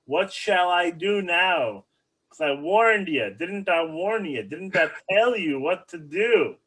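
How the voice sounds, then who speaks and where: A man's voice: high voice, animated, slow pace, a bit bright, slightly rough, voice pushed up, heavily acted, low-quality recording. A man voicing God as a grieving, reproachful figure, speaking in a lamenting, exasperated and chatty way.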